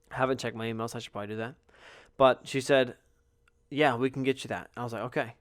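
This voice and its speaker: A man's voice: medium pitch, a bit bright, no echo, clean studio sound. A young man hosting a casual solo podcast, rambling and swearing constantly, tired and yawning. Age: young adult. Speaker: podcast host.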